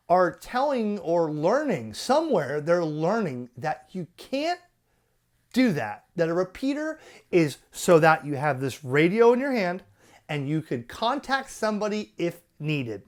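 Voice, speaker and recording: A man hosting a ham radio channel, ranting in an animated, exasperated and profane way. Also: high voice. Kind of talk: ranting commentary.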